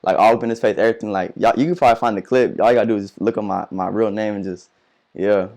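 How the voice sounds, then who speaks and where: Fast-talking teenage guy, slangy and profane. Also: on the low side, fairly even intonation, a little mellow. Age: teens. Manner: slangy, profane, many fillers and restarts. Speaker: interview guest, rapper. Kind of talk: casual storytelling interview.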